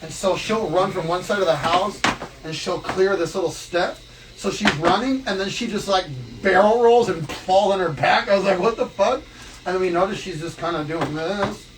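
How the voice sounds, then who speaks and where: A man's voice: high voice, normal speed. A laid-back man chatting casually and swearing freely. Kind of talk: casual chat. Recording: distant mic with background noise.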